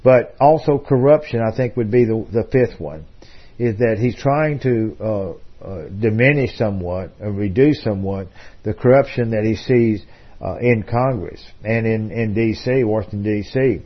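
A man's voice: fairly low pitch, normal speed, dull audio. A man hosting a talk radio program, telling a long story in a discursive way with frequent fillers and restarts. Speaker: radio host.

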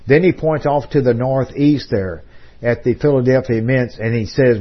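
A man's voice: medium pitch, steady tone, fairly quick, highs cut off. A man hosting a talk radio program, telling a long story in a discursive way with frequent fillers and restarts. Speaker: radio host.

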